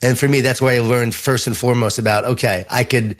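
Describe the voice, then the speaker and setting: A middle-aged man with a Long Island New York accent, a guest author telling earnest, animated stories in an interview. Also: medium pitch, quick pace. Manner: earnest, animated storytelling with repeated phrases. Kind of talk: storytelling interview answers.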